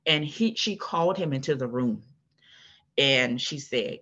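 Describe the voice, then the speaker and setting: A woman guest telling her own story in an earnest, measured way, with a husky voice. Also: very deep voice, animated, fairly bright tone, highs cut off. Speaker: interview guest. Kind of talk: personal testimony.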